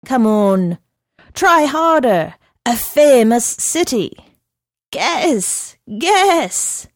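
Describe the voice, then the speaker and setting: A woman voicing an excitable, drunken male horse who speaks in broken English. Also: a little high, drawn-out words, no room sound, clean studio sound, voice pushed up, exaggerated voice. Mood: playful.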